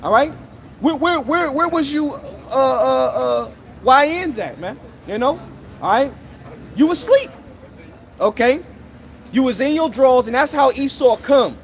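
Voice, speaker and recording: A man's voice: extremely high pitch, lively intonation, a little slow, a little hiss or hum. A man street preaching outdoors in a scolding, confrontational way, tagging almost every phrase with "all right?" or "okay?". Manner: scolding, accusing listeners directly.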